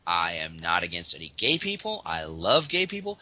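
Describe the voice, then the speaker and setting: A man's voice: on the low side, huge pitch swings, moderate pace, few pauses, sharp tone, no room sound. A man co-hosting a podcast, telling a story in an exasperated, ranting way during casual comedic chat. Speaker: podcast co-host. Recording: dull lo-fi podcast audio.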